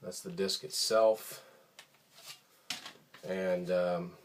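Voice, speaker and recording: Low-voiced man showing his CD collection. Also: drawn-out words, a little hiss or hum. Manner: relaxed, rambling, many ums and uhs. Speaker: host of a record collection show. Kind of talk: casual show-and-tell talk.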